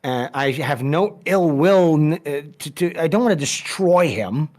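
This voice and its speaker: A man's voice: on the high side, animated, a little slow, darkish tone. A man guest on a podcast, telling a long story in casual, profane, rambling talk with many restarts.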